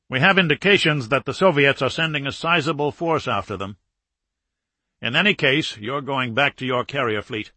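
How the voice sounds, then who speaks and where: Male reader voicing a clipped, formal British admiral, bright and forceful, recorded dry. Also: mid-range voice, no room sound.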